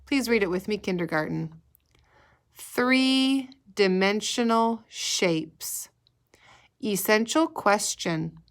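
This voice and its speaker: A woman with a mid-range voice and lively intonation gives a recorded remote math lesson to kindergartners. She speaks slowly and patiently, using sing-song prompts so the children repeat her words.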